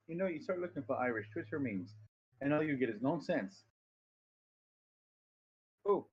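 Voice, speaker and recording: A man's voice: medium pitch, expressive, moderate pace, slightly rough, lo-fi sound. A man casually teaching voice acting on a stream, rambling, swearing freely and poking fun at himself. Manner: rambling, profane, self-deprecating.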